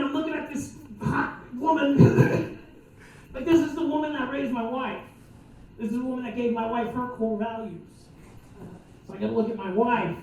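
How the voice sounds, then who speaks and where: A man's voice: very high-pitched, a little mellow, dull audio, slight background noise. A man doing a stand-up set, profane and rambling, laughing at his own lines. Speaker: stand-up comedian. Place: comedy club stage. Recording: echoey club from far off.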